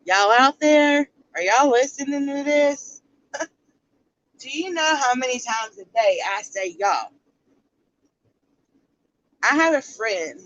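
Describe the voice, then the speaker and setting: This livestream commentary host has a slightly high, somewhat bright voice, captured in a muffled recording with no room sound. Her casual style is blunt, and she often fires rhetorical questions at viewers.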